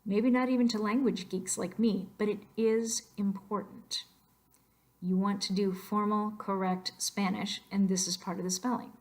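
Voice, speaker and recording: A woman's voice: medium pitch, steady tone, normal speed. Woman teaching Spanish accent rules. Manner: explanatory, switching between English and Spanish, with soft asides. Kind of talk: narrated slide lecture.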